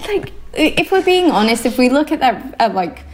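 A woman's voice: sits high, very animated, normal speed, darkish tone, slight background noise. Thoughtful young woman with many ums. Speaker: football analyst guest. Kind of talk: casual interview talk.

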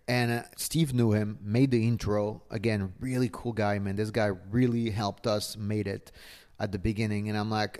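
Man, french accent, animated storytelling, frequent restarts, casual swearing. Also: lowish voice, normal speed. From France. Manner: animated, restarts often, swears casually, acts out voices in quotes. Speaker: guest.

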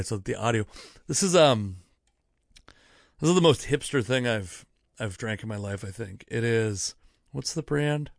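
A man's voice: mid-range voice, vocal fry, dry recording, clean studio sound. A young man hosting a solo podcast, telling rambling, profane stories and interrupting himself as he goes. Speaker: podcast host. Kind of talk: casual solo podcast storytelling.

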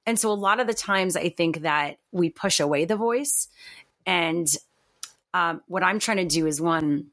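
Woman, podcast guest, low-pitched, reflective, animated, filler-heavy casual talk. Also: a little slow, dry recording.

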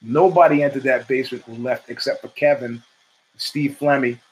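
An older man hosting his own show, talking in a rambling, profane, animated monologue full of stories. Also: medium pitch, moderate pace, a little hiss or hum. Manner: profane, rambling, animated storytelling with acted quotes. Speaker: podcast host. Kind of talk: casual monologue.

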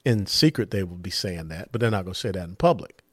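A man's voice: low-pitched, animated, fast talker, breathy edge, no echo, studio quality. A man hosting a political podcast, giving an emphatic commentary monologue and asking rhetorical questions. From lives in Texas. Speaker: podcast host.

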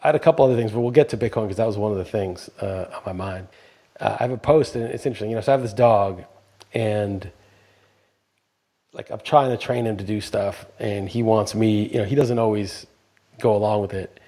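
A man with a husky, slightly breathy voice talks through a casual podcast conversation. He speaks bluntly and swears freely, and his rants grow heated as he goes. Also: on the low side, fairly quick, dark tone. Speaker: podcast co-host. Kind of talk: casual opinion chat.

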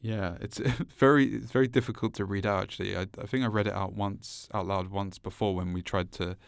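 A man with a British accent co-hosting a poetry podcast, reading slowly and carefully, then chatting casually with frequent restarts and easy laughs. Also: on the low side, steady tone, vocal fry, clear, resonant tone, no echo, clean studio sound. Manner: slow deliberate reading, laughs easily, restarts often. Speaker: podcast co-host.

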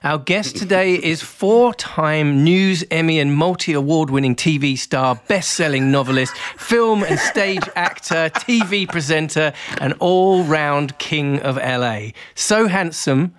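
A man's voice: on the high side, measured pace, hardly any pauses. A man co-hosting a podcast in a playful, teasing manner. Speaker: podcast co-host. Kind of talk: casual podcast chat. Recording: noisy line.

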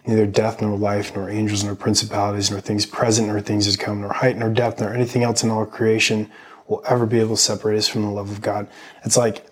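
A man's voice: lowish voice, husky. A man in his thirties, a podcast guest, talking earnestly and casually about faith with many fillers. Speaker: podcast guest, army medic veteran.

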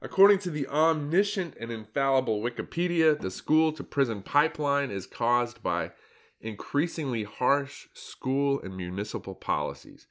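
A man's voice: medium pitch, expressive, normal speed, fairly bright tone. A man giving sarcastic, mocking solo commentary on his own article, laughing at his own jokes.

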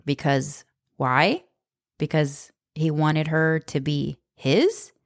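A woman's voice: sits low, takes it slowly, dry recording, studio quality. A woman in her thirties giving blunt, sarcastic spoken commentary, swearing freely. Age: 30s. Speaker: book commentator.

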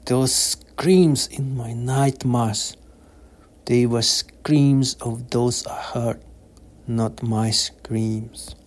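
Man reading tormented ex-officer, hushed, slow, gravelly, trembling. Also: mid-range voice. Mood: anguished. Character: guilt-ridden former officer man, despairing.

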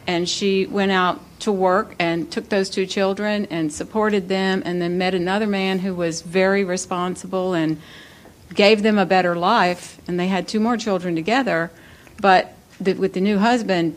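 A woman in the audience earnestly pressing her point and pushing back on the host. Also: medium pitch. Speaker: audience member raising a question. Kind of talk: question from the audience.

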